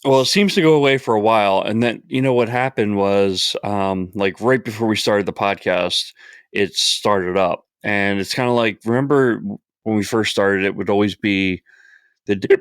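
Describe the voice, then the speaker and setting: Smooth low-voiced man with hiccups. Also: moderate pace, no room sound, clean studio sound. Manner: easygoing, joking. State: has the hiccups. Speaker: podcast co-host. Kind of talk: casual podcast chat.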